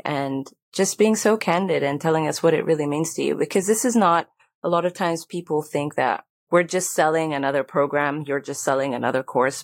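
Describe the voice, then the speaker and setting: A woman with a notably low voice leads the interview, affirming and encouraging her guest. She speaks in a conversational way. Her voice is recorded dry and close. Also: gravelly, dry recording. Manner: warm affirming listener, encouraging.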